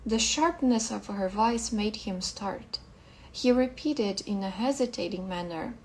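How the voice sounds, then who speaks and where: Slow, gravelly woman reading a story. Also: mid-range voice, poor audio. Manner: slow, careful reading with occasional restarts. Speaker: English teacher. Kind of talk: reading a short story aloud.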